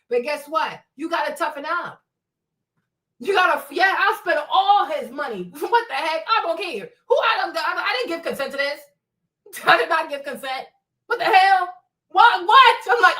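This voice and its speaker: A woman's voice: high-pitched, pushed and bright, distant mic. A woman in her forties ranting bluntly and profanely on a livestream, laughing often. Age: 40s. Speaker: livestream host. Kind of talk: unscripted livestream rant.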